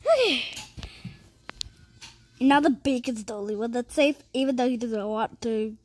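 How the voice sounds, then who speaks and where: A woman commentating casually on her own gameplay, excitable, reading game text aloud between squeals and laughs. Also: a little high, a little fast, a little hiss or hum. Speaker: gamer commentating her play.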